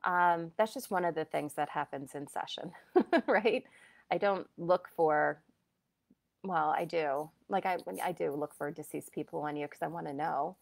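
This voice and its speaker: Chatty low-voiced woman telling a story. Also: a little slow, creaky, no echo. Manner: chatty, animated, many fillers and quoted asides. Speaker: energy healer and medium. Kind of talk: casual live-stream storytelling.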